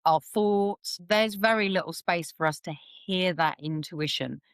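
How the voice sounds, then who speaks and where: A woman's voice: fairly low pitch, measured pace, clear, resonant tone, no echo. A woman, a guest explaining things chattily in a podcast interview and acting out quoted voices as she goes. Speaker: intuitive reader, podcast guest.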